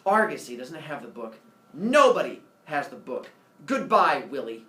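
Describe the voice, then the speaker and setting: A man's voice: a little high, sing-song, normal speed, bright, forceful tone. Man reading a curt, suspicious wife. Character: cool, suspicious wife, a psychiatrist. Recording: roomy room from afar, faint ambience.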